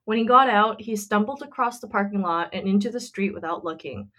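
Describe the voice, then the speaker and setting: A woman's voice: medium pitch, brisk, pushed and bright. A woman co-hosting a casual podcast, retelling a friend's story in a chatty way with lots of fillers. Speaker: podcast co-host.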